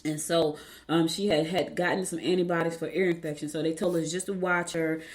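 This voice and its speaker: An older woman, casually chatting to viewers as a morning show host, telling an animated story and calling them y'all. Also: lowish voice, brisk.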